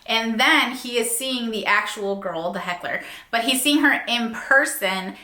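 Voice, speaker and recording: A chatty, animated young woman casually reviewing books, full of fillers. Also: on the high side, unhurried, echoey room. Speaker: book reviewer. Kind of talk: casual book review chat.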